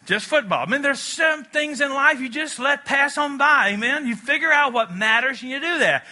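A man's voice: very high voice, animated, moderate pace, few pauses, bright, forceful tone. A man preaching a sermon in a church, talking conversationally and drawing the congregation into call-and-response. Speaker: pastor. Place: church auditorium.

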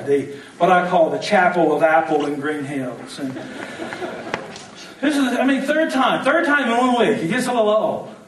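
A high-voiced male pastor delivers an animated, joking sermon and has the congregation repeat lines back to him. He is heard in a roomy, echoing church hall, a little distant from the mic.

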